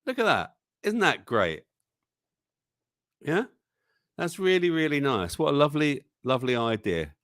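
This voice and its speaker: A man's voice: a little high, very animated, unhurried, long pauses, a bit bright, dry recording, clean studio sound. A man hosting a casual live-stream news show, chatting and reading memes aloud, chuckling often and exclaiming over what he shows. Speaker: livestream news show host.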